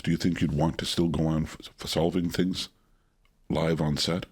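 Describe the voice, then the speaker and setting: A man with a very deep voice hosts a podcast. His tone is husky and breathy, and he asks long, playful questions in a relaxed conversation. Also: moderate pace. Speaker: podcast host. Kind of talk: casual chat.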